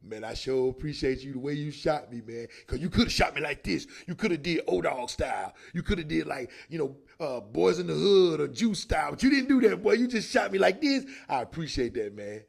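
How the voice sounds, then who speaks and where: A laid-back, drawling gunshot victim who is oddly thankful, as a man plays him. The voice is gravelly and rises and falls a lot. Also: a little high, big pitch swings, fairly quick, few pauses, voice pushed down, heavily acted. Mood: mock grateful. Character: grateful man who was just shot, drawling.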